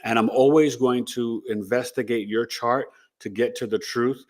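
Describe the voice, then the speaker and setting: A man's voice: mid-range voice, steady tone, moderate pace. A man co-hosting a casual live stream, speaking earnestly and encouragingly as an astrologer. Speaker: astrologer and podcast co-host.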